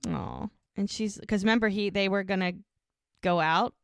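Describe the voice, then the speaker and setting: A woman chats through an episode recap, bouncing into little character voices as she goes. Her voice sits at an ordinary pitch for a woman. The sound is dry and close, with no room around it. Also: moderate pace, vocal fry, smooth, no room sound. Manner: animated retelling, acts out characters' lines. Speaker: podcast co-host. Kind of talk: casual TV recap chat.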